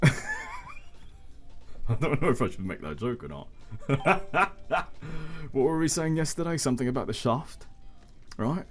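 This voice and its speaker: A man's voice: mid-range voice, big pitch swings, a little slow, long pauses, a bit bright, soft background music. A man chatting casually on a live stream, rambling and playful, joking with his chat and dropping in foreign phrases.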